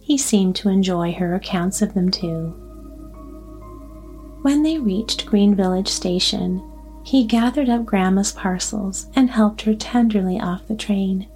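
A woman narrating a sleep story in a slow, gentle, soothing way. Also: mid-range voice. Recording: soft background music.

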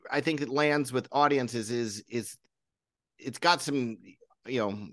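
A man's voice: medium pitch, slow, fairly bright tone, dry recording, studio quality. Dismissive, rambling man reviewing films. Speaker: podcast co-host, film reviewer. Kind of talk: casual chat.

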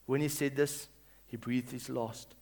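A male pastor reading scripture and preaching, swinging between loud calls and hushed reading and leading the congregation to repeat after him. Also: mid-range voice, fairly even intonation, unhurried, gravelly. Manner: leads the congregation in call-and-response.

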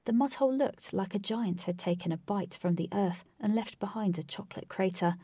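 A woman narrating a storybook in a steady, descriptive reading. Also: mid-range voice, a little fast, breathy edge, no room sound.

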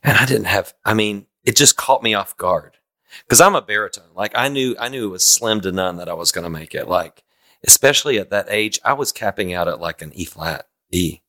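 A man in his fifties with a bright, forceful tone that sits a little low. He tells long, rambling stories with quick asides, chatting casually as a podcast guest. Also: expressive. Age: 50s. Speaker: podcast guest, worship singer. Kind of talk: casual conversation.

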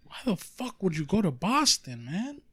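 A podcast host in casual chat, reacting with quick, profane interjections. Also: male voice, sits high, sing-song, sharp tone, husky.

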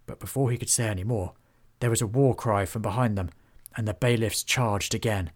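A man narrating a children's fantasy storybook in a steady, even manner. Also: lowish voice, fairly quick.

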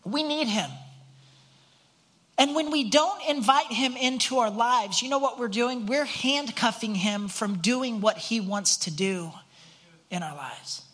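This pastor's voice is very high-pitched and sharp, moving a little slowly. Speaking earnestly to his church on a Sunday morning, he keeps the sermon conversational, poses rhetorical questions, and frequently restarts or repeats words.

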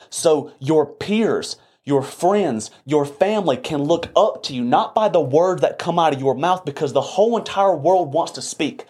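A man's voice: on the high side, darkish tone, slightly rough. A young adult man co-hosting a podcast, delivering a heated, preachy and profane motivational rant about strength and discipline. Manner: fiery, preachy, blunt and profane. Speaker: podcast co-host.

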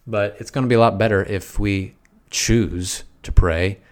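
A man's voice: on the low side, fairly even intonation, moderate pace, darkish tone. A man giving a casual, folksy spiritual talk on prayer, conversational with emphatic repetitions. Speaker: preacher. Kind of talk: relaxed spiritual teaching talk.

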